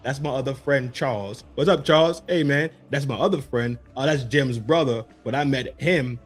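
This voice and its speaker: A man doing a low, mumbling laid-back guy. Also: normal speed, husky, lightly acted. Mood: offhand. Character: laid-back grown man listing his buddies.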